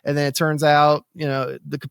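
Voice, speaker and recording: Speaking at a moderate pace, a podcast co-host talks casually and rambles, often using fillers and restarting. His voice is a little high, creaky, a bit bright, and clean in tone, with little pitch movement, recorded at studio quality with no room sound.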